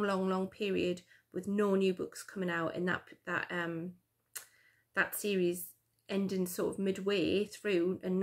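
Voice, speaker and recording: A woman, chatting casually to her camera in a rambling way, full of fillers and restarts. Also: medium pitch. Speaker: vlogger. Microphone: camera mic.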